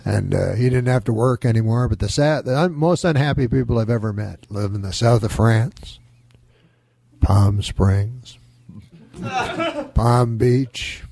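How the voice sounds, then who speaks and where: A man's voice: mid-range voice, vocal fry, dark tone, no room sound. A man impersonating a rambling old president. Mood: musing. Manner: halting, rambling. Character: aging male president musing on life.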